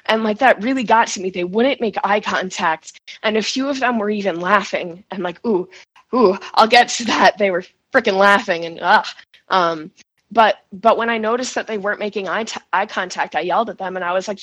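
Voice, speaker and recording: A woman, still shaken up, tells what she lived through in a halting, emotional way, breaking off and restarting often. Her mid-range voice sits close and dry on the mic with no room around it. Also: mid-range voice, a bit bright, slightly rough, no echo, rough recording. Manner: halting, many restarts and nervous laughs. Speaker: guest recounting events. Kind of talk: emotional first-person account.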